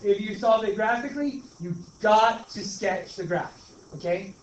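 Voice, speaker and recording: A man with a Brooklyn accent teaching a math class, talking in an animated way and calling the students guys. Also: sits high, moderate pace, a little hiss or hum. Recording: echoey, distant, dull classroom recording.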